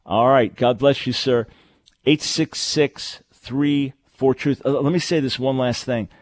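A man's voice: mid-range voice, fairly even intonation, unhurried, no room sound. A man hosting a call-in radio show, talking in an earnest, emphatic way and repeating phrases for stress. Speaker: radio talk show host. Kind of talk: call-in radio advice and announcements.

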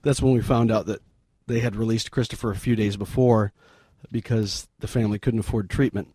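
A middle-aged man, a missionary guest in an interview, retelling a story in an earnest, halting, sombre way. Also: on the low side, steady tone, mellow, breathy edge, no echo.

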